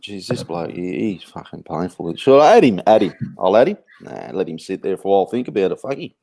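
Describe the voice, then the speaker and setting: A man hosts a casual podcast in a fairly low voice. He chats loosely, laughs often and swears freely. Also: very animated, a little fast, creaky, mellow. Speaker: podcast host. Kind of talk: casual chat.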